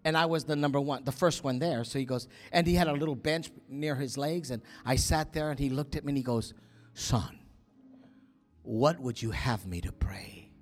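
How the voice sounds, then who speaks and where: A man preaching, telling a story in an animated way, acting out quotes with gasps and whispers. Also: on the high side, a little fast, few pauses, soft background music. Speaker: pastor. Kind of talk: sermon storytelling.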